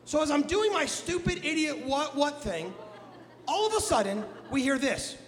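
A man from the Midwest, a guest pastor telling a comic story in a sermon, animated and jokey with bursts of shouting. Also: extremely high pitch, normal speed. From American Midwest. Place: church sanctuary. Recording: long hall reverb in a church.

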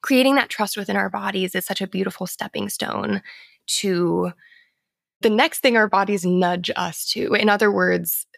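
A young adult woman appears as a therapist guest on a podcast, explaining things in casual conversation and often sinking into a soft near-whisper. Her mid-range voice moves at normal speed with some vocal fry, captured in studio quality with no echo.

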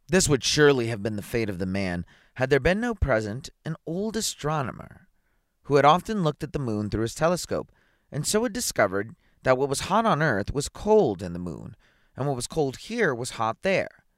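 A man reads a children's tale aloud in a playful, expressive way, slipping into chatty asides. His pitch rises and falls a lot, and the recording is close and dry with no room sound. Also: fairly quick, no echo. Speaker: storyteller. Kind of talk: children's story read aloud.

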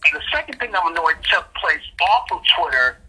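Husky animated man with a bright edge. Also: a little high, fairly quick, poor audio. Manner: animated, indignant storytelling. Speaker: podcast co-host. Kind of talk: casual podcast chat.

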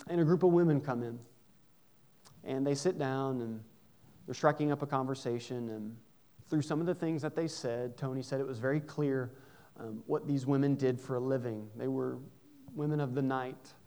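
A pastor telling a story in a sermon, getting lively when he quotes the people in it. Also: mid-range voice, normal speed. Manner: animated retelling, voices rises for quoted lines.

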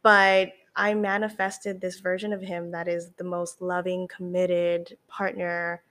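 A young woman speaks candidly as a podcast guest, her talk full of fillers and the odd swear. She is animated and open. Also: lowish voice, measured pace. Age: young adult. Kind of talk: candid casual chat.

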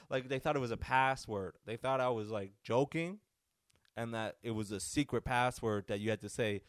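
A man's voice: on the low side, a little fast, no echo. Rambling male podcast host, dry sound. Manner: rambling, animated, with many restarts. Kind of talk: casual storytelling.

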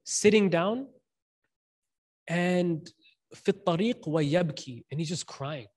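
A man preaching in a loose, conversational way, slipping into slang and acting out the people in his stories. His voice sits a little higher than most men's, and his energy rises and falls as the story unfolds. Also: moderate pace, long pauses. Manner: casual, animated, slangy, acts out quotes. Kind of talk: sermon storytelling.

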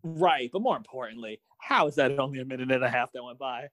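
A man's voice: mid-range voice, fast, fairly bright tone, no room sound. A young adult man co-hosting a podcast in casual chat, wry and incredulous, often restarting his sentences. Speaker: podcast co-host.

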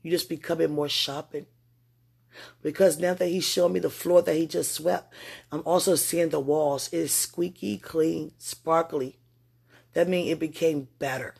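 A freshly woken person gives a spontaneous spiritual message at home, speaking straight to God. The voice is husky and gravelly, with a rough edge. It leaps into excited outbursts, then sinks into soft murmuring. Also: mid-range voice, unhurried. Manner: talks aloud to God, rambling and emotional; swings between excited bursts and quiet murmurs. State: just woken from sleep. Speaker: spiritual vlogger.

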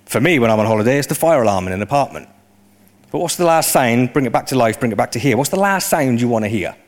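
A man preaching a sermon in a conversational way, often rising into animated emphasis. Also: mid-range voice, fast.

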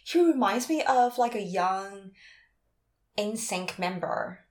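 A young woman telling a dating story in casual chat, animated and full of "like", acting out what people said. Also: mid-range voice, slow pace. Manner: animated storytelling, acts out quoted lines with lots of "like".

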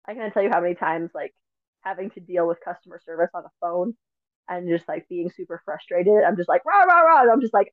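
A woman's voice: lowish voice, no room sound. Reflective woman host on a tinny line. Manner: earnest, reflective, many fillers. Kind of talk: casual conversation. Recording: tinny phone-like line, dry.

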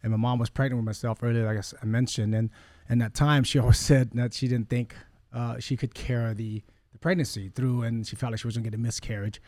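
A man's voice: medium pitch, level tone, fast, darkish tone, no room sound. Earnest man in his forties, dry sound. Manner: earnest, rambling, with frequent self-corrections. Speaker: podcast guest. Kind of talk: personal storytelling in a conversation.

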